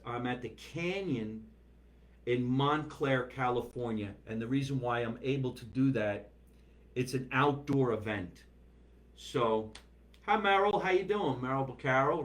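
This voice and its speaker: A man hosting a live stream from his basement, chatting loosely, reading viewer comments and riffing with animated bursts. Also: mid-range voice. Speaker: podcast host. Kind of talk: casual live-stream chat. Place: home basement.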